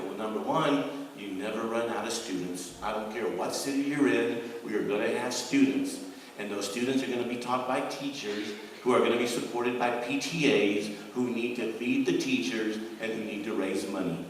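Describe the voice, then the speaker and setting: A man's voice: medium pitch, a little hiss or hum. A middle-aged man from the United States tells a motivational story to students, switching between voices as he acts out each exchange. He is heard from far off, and the sound echoes heavily around a large hall. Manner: animated storyteller acting out dialogue. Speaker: guest speaker. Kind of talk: motivational speech. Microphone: far from the recording mic.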